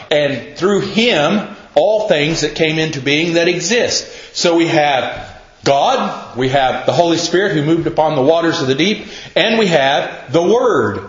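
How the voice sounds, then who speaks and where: A man gives a Sunday sermon in a casual, chatty manner, joking about himself before he reads verses slowly and deliberately. His voice sits a bit high for a man. It is recorded with lots of room echo and a dull, lo-fi tone. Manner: conversational, self-deprecating, reads scripture slowly. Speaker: pastor. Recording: echoey, dull lo-fi room sound.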